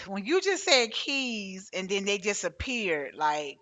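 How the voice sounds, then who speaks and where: A woman's voice: mid-range voice, very animated, takes it slowly, bright, forceful tone. A woman hosting a podcast interview, talking casually and hesitantly, with many restarts as she tells a personal story. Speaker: podcast host.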